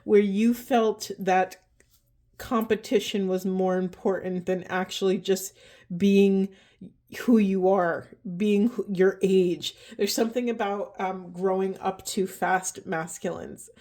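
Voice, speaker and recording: Slow, emotional woman reading oracle cards. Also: mid-range voice, steady tone, warm tone. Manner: slow, halting, heartfelt. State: emotional, breathing heavily, voice trembling. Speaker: oracle card reader. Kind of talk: spiritual card reading to camera.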